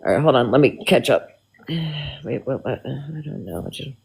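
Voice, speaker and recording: A woman's voice: extremely low pitch, expressive, normal speed, creaky, darkish tone, slight background noise. A woman in her fifties hosting a casual live stream chat, talkative and reassuring, calling her guests honey. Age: 50s. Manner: chatty, reassuring, calls people honey.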